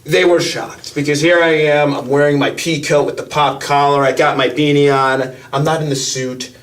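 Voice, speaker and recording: A man's voice: a little high, fairly even intonation, moderate pace, a bit bright, distant mic. A man hosting a podcast, telling stories in a brash, self-assured way. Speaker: podcast host. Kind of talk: casual podcast chat.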